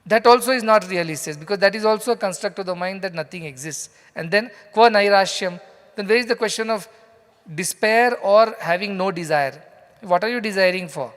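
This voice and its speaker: Indian english guy teaching scripture, pretty high voice, chatty storyteller vibe, hall echo. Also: a bit bright. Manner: conversational storytelling, asks the audience questions. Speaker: spiritual teacher. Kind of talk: scripture lecture to a live audience. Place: large lecture hall. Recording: reverberant hall.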